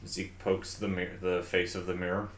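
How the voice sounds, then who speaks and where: A man with a fairly low voice plays his character at the table, upbeat and a bit stammery. The sound is echoey, with a faint hiss behind him. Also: flat delivery, normal speed. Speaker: player. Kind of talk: tabletop role-play. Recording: echoey room.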